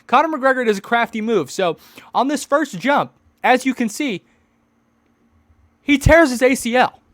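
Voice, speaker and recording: A young man in his twenties casually recapping a fight event for a stream, excitable and mocking, stumbling over restarts as he talks. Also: very high-pitched, measured pace, no echo. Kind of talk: casual rambling commentary.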